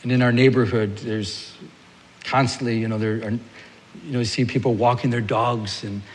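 A man preaching a sermon as pastor, telling everyday stories in an animated way and acting out little scenes. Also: mid-range voice, moderate pace, in a large hall, slight background noise.

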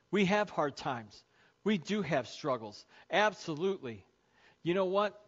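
A man's voice: fairly high pitch, dull audio. A man preaching a sermon as pastor to his congregation, conversational and joking with them. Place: church sanctuary.

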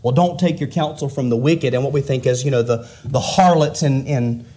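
A middle-aged man preaching a sermon to his church, asking rhetorical questions and rising and falling in pitch. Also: normal speed, dark tone. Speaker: pastor.

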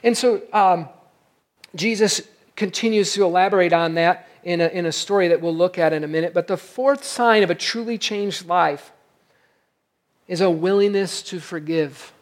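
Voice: mid-range voice, moderate pace. A pastor preaching a sermon in a conversational way, reading scripture aloud and checking in with the listeners. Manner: reads scripture aloud between comments.

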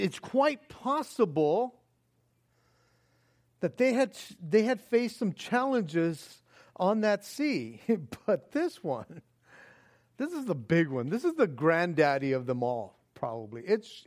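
Animated high-voiced male pastor preaching. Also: takes it slowly. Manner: animated, acts out panicked pleas with frequent laughs. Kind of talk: sermon.

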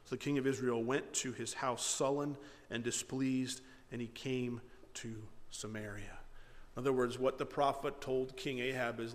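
This male pastor speaks at medium pitch and normal speed, animatedly paraphrasing scripture by performing each character's lines himself during his sermon. There's a long reverb tail and a little background noise.

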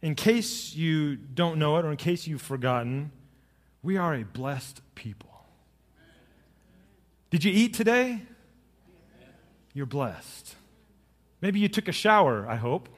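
A middle-aged pastor preaches a sermon, telling jokes and stories and pressing his points with lively emphasis. His voice sits fairly high for a man. The sound rings with the long reverb of a large hall. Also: slow pace, long pauses. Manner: jokey storytelling, rising to lively emphasis.

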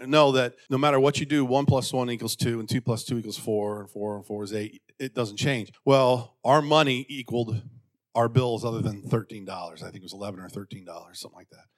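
A pastor tells stories in a sermon with animated, brisk energy, raising his pitch to act out quotes. At times he drops into a quiet, intimate tone.

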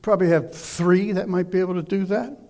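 A man preaching a sermon, loud and emphatic, shouting exhortations and dropping into quiet asides. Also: high-pitched, fairly even intonation, fairly quick, creaky. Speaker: pastor.

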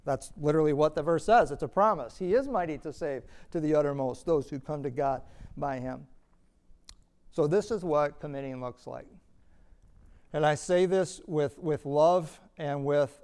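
A male pastor preaching a sermon in earnest, building to emphatic high points and falling to quiet asides, with scripture read aloud and brief laughs. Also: clear, resonant tone. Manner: reads scripture aloud in old phrasing.

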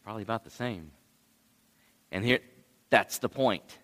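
A man preaching a sermon as pastor, unhurried, with passages that swell into loud cries. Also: on the low side. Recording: long hall reverb.

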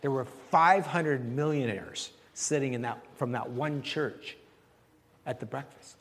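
A man pastor giving a conversational sermon with questions and answers, animated and repeating phrases as he searches for words. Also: mid-range voice, measured pace, long reverb tail.

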